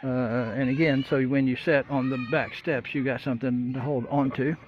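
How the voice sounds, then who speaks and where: Folksy rambling man, casual shop walkthrough, muffled lo-fi sound, loud roosters and traffic behind. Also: mid-range voice, fairly even intonation, moderate pace. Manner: folksy, rambling, many fillers. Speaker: vlogger building a boat.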